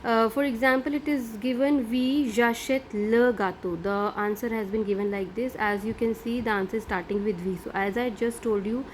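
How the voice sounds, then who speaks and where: A middle-aged woman teaches a French grammar lesson. She explains each step patiently and keeps checking in with her students. Her voice sits a little high, with a faint hiss of background noise. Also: steady tone, normal speed, hardly any pauses.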